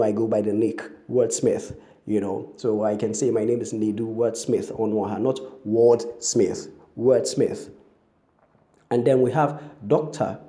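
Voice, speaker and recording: A pronunciation teacher with a lowish, mellow voice gives a spoken English lesson, spelling words out letter by letter and often saying "you know" and "um."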